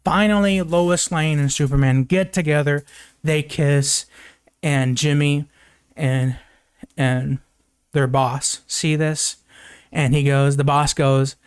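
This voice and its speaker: A man's voice: fairly high pitch, steady tone, slow, clear, resonant tone, no echo. A young man giving a casual live movie review, recapping the plot in a rambling way with lots of fillers and swearing.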